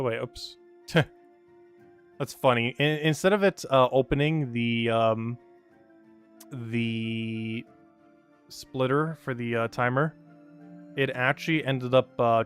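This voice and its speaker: A man's voice: mid-range voice, fairly even intonation, a little slow, fairly bright tone, smooth, faint music behind. A man streaming a game live, chatting casually, reading and greeting chat, and laughing often.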